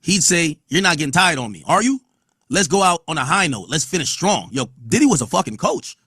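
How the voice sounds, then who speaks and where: A podcast host reads court testimony aloud and riffs on it with blunt, profane, casual commentary. His voice is a little high and a little fast, very animated, with a sharp tone and a breathy edge. The recording is studio quality with no echo.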